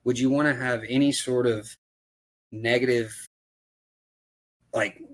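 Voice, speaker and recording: A race car driver on a podcast, ranting about racetracks in casual, profane talk full of rhetorical questions. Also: male voice, mid-range voice, fairly even intonation, slow. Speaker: dirt late model race driver.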